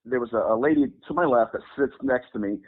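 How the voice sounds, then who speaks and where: A man telling a story as an interview guest, acting out the people in it with sudden jumps in pitch. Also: quick pace, breathy edge. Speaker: guest demonologist. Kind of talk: animated storytelling. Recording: phone-like lo-fi audio.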